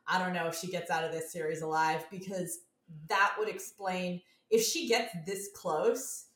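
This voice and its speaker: A woman's voice: on the low side, fairly even intonation, normal speed, a bit bright. A woman in casual chat reacting to a trailer, enthusiastic and speculative. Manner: enthusiastic, speculative, laughs easily. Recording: echoey room.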